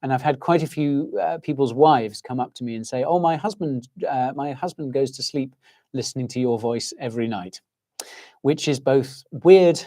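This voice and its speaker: Hosting a livestream, this middle-aged English man talks at a normal speed in a mellow, mid-range voice. He reacts to what viewers write, rambling and ranting in a soft, soporific way.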